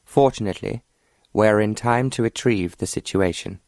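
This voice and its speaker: An imperious queen, read by a man, speaks in a cold, formal way. The voice stays low and the read is dry. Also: normal speed, darkish tone, no room sound, natural voice. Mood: cold, regal.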